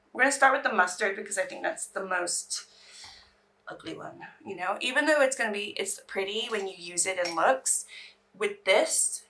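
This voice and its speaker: A woman's voice: fairly high pitch, fairly bright tone. Chatty woman, slightly distant mic. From England. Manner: chatty, rambling, restarts sentences. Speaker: beauty vlogger. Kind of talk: casual chat while doing makeup.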